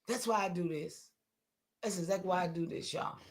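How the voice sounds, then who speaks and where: Her voice sits lowish and moves briskly. As a livestream host, the older woman talks casually and forcefully, drifting between topics and responding to what viewers write.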